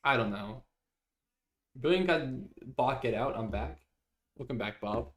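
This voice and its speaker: A man's voice: mid-range voice, animated, measured pace, fairly bright tone. A young man streaming live, chatting casually with viewers, reading their messages aloud and laughing often.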